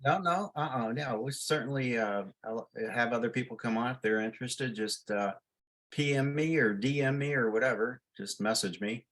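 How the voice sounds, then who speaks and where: A man's voice: mid-range voice, normal speed, fairly bright tone. A man on a podcast panel, joking around, laughing often and plugging his show. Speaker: panel regular, show organizer. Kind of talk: casual panel chat.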